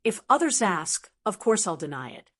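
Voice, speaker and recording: A woman voicing a proud, cool young dragon queen in an audiobook, talking flat and matter-of-fact. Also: mid-range voice, moderate pace, husky. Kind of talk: audiobook narration.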